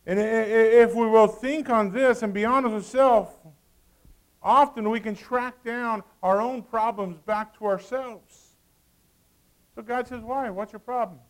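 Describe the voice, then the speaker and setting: Preaching in a high voice that stays steady at a moderate pace, a male pastor reads old-style scripture aloud. He calls out to the congregation and shifts from loud passages to hushed ones.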